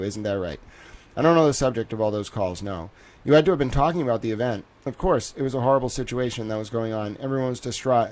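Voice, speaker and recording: Reading from a court transcript during his livestream, the host pauses frequently to laugh and marvel at what he's reading. His voice is medium-pitched and slightly mellow.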